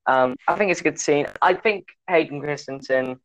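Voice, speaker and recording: A young man co-hosting a podcast, teasing and animated, slipping into silly voices. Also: on the high side, moderate pace, dry recording, highs cut off. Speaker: podcast co-host. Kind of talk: casual banter.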